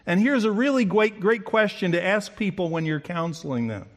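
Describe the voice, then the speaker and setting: Male preacher, higher than usual pitch, dramatic delivery, voices the quoted speakers. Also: animated, moderate pace. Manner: dramatic, acts out quotes with big swings in pitch and loudness. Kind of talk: sermon.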